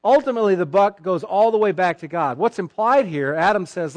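A man preaching a sermon as pastor, sarcastic and animated, acting out mock quotes from people he disagrees with. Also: high-pitched, brisk, hardly any pauses, dry recording.

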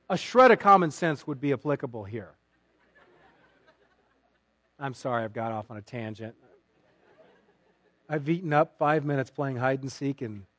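A man preaching a sermon as pastor, sarcastic and animated, acting out mock quotes from people he disagrees with. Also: a little high, no room sound.

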